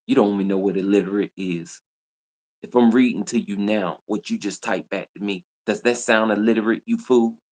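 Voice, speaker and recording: A man's voice: on the low side, normal speed, darkish tone. A man, scolding his audience in a repetitive, confrontational livestream rant. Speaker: livestream host. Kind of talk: ranting livestream monologue.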